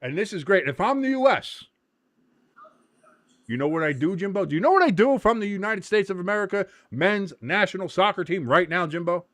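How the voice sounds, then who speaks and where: A man hosting a live match watch-along in casual chat. He gets excited easily, swears freely, laughs often and shouts at big moments. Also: high-pitched, brisk, no room sound.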